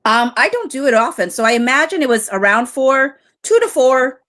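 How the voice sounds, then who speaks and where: A woman's voice: sits high, animated, moderate pace, a bit bright. A woman reading aloud a man's guarded, hesitant answers in a deposition during a live stream.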